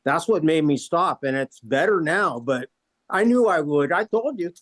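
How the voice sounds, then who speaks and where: A man's voice: fairly high pitch, expressive, normal speed, fairly bright tone. A middle-aged man, a guest guitarist, talking loosely and swearing freely while chewing nicotine pouches. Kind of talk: casual interview chat.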